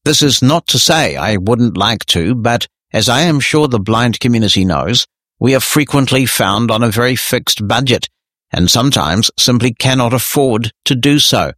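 A man with a New Zealand accent hosting a tech podcast, presenting briskly and wryly and reading listener mail aloud. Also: mid-range voice, expressive, fairly bright tone, no echo, clean studio sound. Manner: brisk, wry and conversational. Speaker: podcast host. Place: office.

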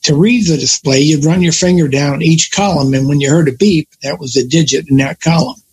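A man's voice: fairly high pitch, brisk, a little mellow, slight background noise, rough recording. An older man telling long stories from his working life in a casual conversation, often stopping to correct himself. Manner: rambling storyteller, self-correcting. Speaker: guest.

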